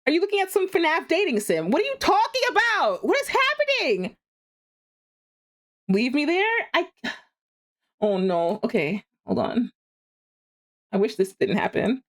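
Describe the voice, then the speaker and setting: A woman's voice: sits high, wildly swooping pitch, unhurried, pauses often. A young woman streaming a game, chatting casually and animatedly, laughing often and talking to herself. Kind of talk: casual live-stream chat.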